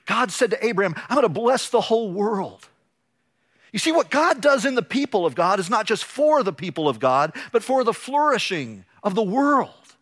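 A male pastor preaching a sermon, telling the story with animated drama and joking asides. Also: very high-pitched.

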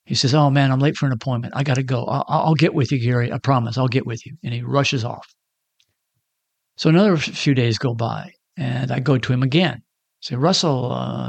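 A man's voice: mid-range voice, creaky, breathy edge, no room sound. A man in his sixties telling a personal story in a casual, self-deprecating way and acting out the dialogue. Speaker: storyteller giving a personal testimony.

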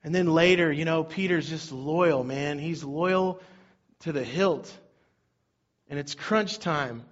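A man's voice: a little high, takes it slowly, lo-fi sound. A man preaching a sermon in a conversational way, rising and falling in intensity. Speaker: pastor.

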